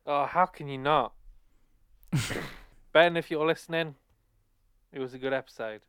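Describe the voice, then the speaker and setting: A man's voice: a little high, a little slow, a bit bright, a little hiss or hum. A man co-hosting a podcast who jokes and teases the others in a wry, playful way. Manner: teasing, wry. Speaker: podcast co-host. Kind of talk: casual podcast banter.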